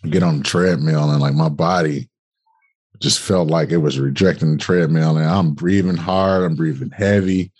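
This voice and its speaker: A man's voice: rumbling low, moderate pace, husky. A young man, a podcast guest, telling his story in a casual, colloquial way, swearing freely and acting out conversations. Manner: animated, colloquial, swearing, acts out dialogue.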